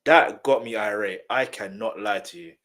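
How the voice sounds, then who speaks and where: A man, reacting and chatting casually on a live stream, with sudden loud outbursts. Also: on the low side, normal speed.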